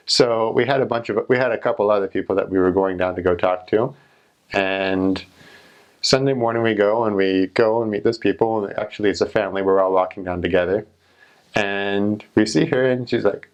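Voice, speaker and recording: A man's voice: lowish voice, moderate pace, muffled recording. A young man telling casual mission stories in a rambling, chatty way, full of "like" fillers. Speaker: returned missionary. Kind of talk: casual storytelling.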